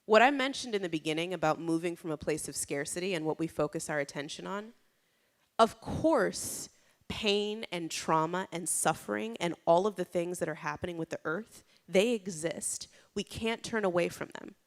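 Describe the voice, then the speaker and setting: A woman's voice: lowish voice, moderate pace. A woman giving a conversational keynote talk at a conference. She tells stories informally, often saying "like" and "you know", and raises her voice when she acts out what people said. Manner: lively, dramatizes quotes with raised voice. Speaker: conference speaker.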